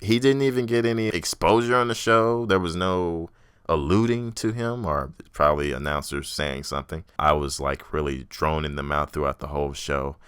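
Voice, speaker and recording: Young male podcast host, deep clear voice, blunt and profane, rants freely; dry close mic. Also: moderate pace, a bit bright, dry recording. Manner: blunt, profane, ranting, mocks others in exaggerated voices. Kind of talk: casual solo wrestling review.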